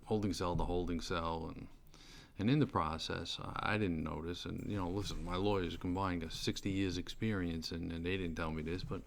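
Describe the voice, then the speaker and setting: A middle-aged man recounts his sentencing as casual spoken testimony, rambling with lots of fillers and restarts. His voice is low and creaky, with a steady tone at normal speed. Faint background noise is present.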